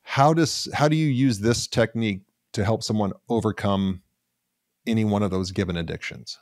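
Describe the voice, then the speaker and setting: Low-voiced podcast host, a man. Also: normal speed, darkish tone, dry recording, studio quality. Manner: enthusiastic, repeats phrases for emphasis. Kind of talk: podcast interview.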